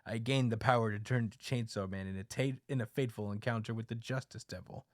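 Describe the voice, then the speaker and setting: A man voicing a solemn self-proclaimed hero making a slow, declamatory speech. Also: lowish voice, no echo, studio quality, natural voice.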